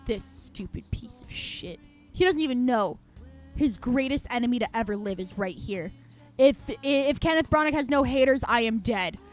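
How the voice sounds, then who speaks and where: Casting: high-pitched woman streamer, fiery and foul-mouthed, with faint music underneath. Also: animated, normal speed. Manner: profane, heated ranting. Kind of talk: live-stream movie rant.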